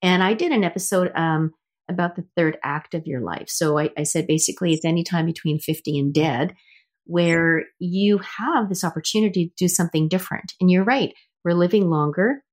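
A middle-aged woman hosts a casual interview, telling stories chattily and restarting often. Her voice is on the low side and her pace is brisk.

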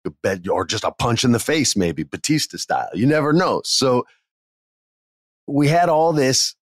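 A man casually telling a backstage story, animated and acting out the people he quotes. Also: medium pitch, moderate pace, no room sound, studio quality. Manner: animated, acts out quoted voices. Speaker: podcast guest telling stories.

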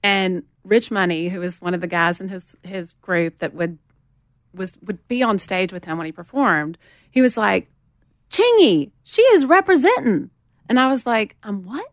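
A woman in her forties with a Southern US accent, telling lively stories as an interview guest. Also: normal speed, no room sound, clean studio sound. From Montgomery, Alabama. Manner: animated storyteller, acts out quotes in a higher voice. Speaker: guest, music promotion veteran. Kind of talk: casual storytelling interview.

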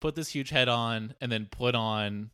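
Guy riffing in an improv bit, rambly and joking, mid pitch, dry sound. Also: measured pace, bright, forceful tone, clear, resonant tone, dry recording. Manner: rambling, jokey, mimics bass with mouth sounds. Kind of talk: improvised comedy brainstorming.

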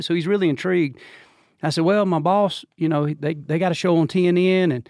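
A man's voice: brisk, dry recording, clean studio sound. A man in his fifties from Georgia with a Southern drawl, telling a long story as a podcast guest and acting out the voices in it. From Georgia, USA. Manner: animated storyteller who acts out quotes with big pitch jumps and laughs. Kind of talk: casual storytelling chat.

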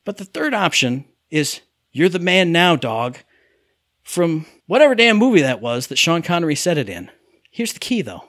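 A man rants animatedly in casual chat, his slightly high voice swinging widely as he acts out characters' lines. The sound is dry and close, with no room around it. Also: very animated, moderate pace, fairly bright tone, no echo. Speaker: podcast co-host reviewing a game. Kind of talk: casual chat, ranting review.

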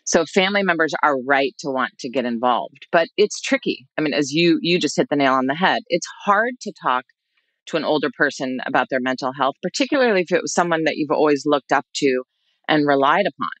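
Measured clinician guest, dry close voice. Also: mid-range voice, animated, a bit bright, no echo, rough recording. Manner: measured, reassuring, advice-giving. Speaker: expert guest, clinician for older adults. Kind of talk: explanatory interview answers.

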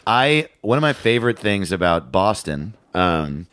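Laughing low-voiced male podcast host. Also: very animated, unhurried, a bit bright, a little hiss or hum. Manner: laughs often, storytelling. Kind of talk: casual comedic banter.

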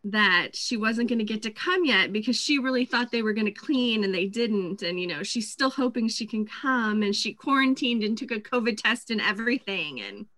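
A woman's voice: on the high side, normal speed, hardly any pauses, no echo, rough recording. Chatty woman telling stories. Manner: chatty storyteller, quotes her kids in lively voices. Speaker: co-host. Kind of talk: casual chat.

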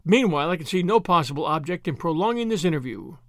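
A man's voice: a little high, animated, quick pace, no room sound, clean studio sound, lightly acted. A man voicing a big, pompous male vicar who speaks with indignant formality.

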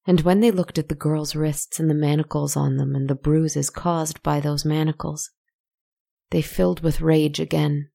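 Female storyteller, deep and dark-toned, even delivery, hushed asides to the listener. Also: moderate pace, creaky. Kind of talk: scripted story narration. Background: faint music.

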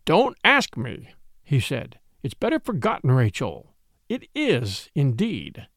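A man voicing an unctuous, self-righteous gentleman in a storybook reading. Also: medium pitch, huge pitch swings, slow, no room sound, studio quality, heavily acted. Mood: gentle, evasive. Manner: unctuous, earnest. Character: smooth pious gentleman, self-righteous charmer.

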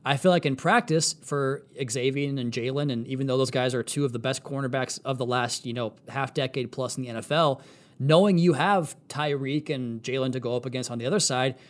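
A man hosting a solo sports podcast, excited and talking quickly as he breaks down a practice. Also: mid-range voice. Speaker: podcast host.

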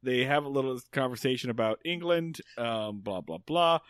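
Lively, bright-voiced man podcaster. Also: medium pitch, normal speed, clear, resonant tone, no echo, studio quality. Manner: lively, jokey, quotes characters in voices. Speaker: podcast co-host. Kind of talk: casual chat recapping a TV episode.

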